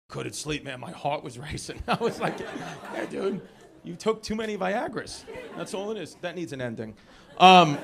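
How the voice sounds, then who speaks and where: A man with a New York accent doing stand-up crowd work, telling loud, rowdy stories with shouted impressions. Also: fairly high pitch. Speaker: stand-up comedian. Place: comedy club stage. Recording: live club recording with noisy crowd. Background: crowd laughter.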